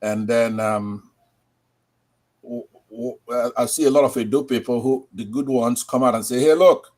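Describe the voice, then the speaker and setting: A man's voice: mid-range voice, steady tone, moderate pace, darkish tone. A man calling in to a show, speaking emphatically and ending points with tag questions. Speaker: caller. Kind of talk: call-in commentary.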